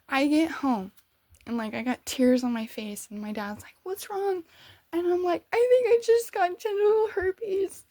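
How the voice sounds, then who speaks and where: A young woman telling a personal story in an animated, emotional way, often laughing. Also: medium pitch, no room sound. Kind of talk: storytime monologue.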